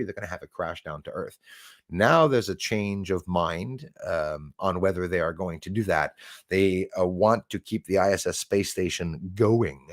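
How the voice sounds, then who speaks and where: A gravelly-voiced man hosts a live stream. He talks casually and rambles, stressing his points with lots of "uh" and "you know". His pitch swings widely, and the sound is dry and close. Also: no room sound. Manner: rambling and emphatic, with many fillers. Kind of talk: casual live-stream talk, reading chat comments.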